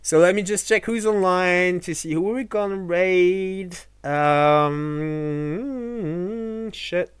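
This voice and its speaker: A man's voice: high voice, steady tone, takes it slowly, clean tone, no echo. A man from France, talking casually and with passion to his live-stream chat, swearing often and restarting his sentences.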